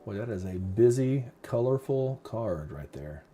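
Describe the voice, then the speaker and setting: A man's voice: fairly low pitch, lively intonation, unhurried, dark tone, breathy edge. A middle-aged man hosting a casual live stream, chatty and openly sentimental, reading viewer comments aloud and answering them. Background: faint lo-fi music.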